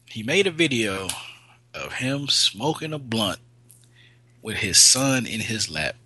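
A man's voice: on the low side, animated, slow pace, sharp tone, husky, no room sound. A man in casual podcast banter, loose and profane, laughing often and getting riled up. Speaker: co-host.

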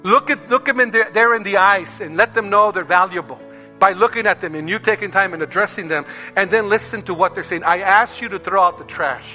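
A man's voice: sits high, brisk, bright, forceful tone. A male pastor preaching a sermon to his congregation, emphatic and calling for amens. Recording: long hall reverb with faint music.

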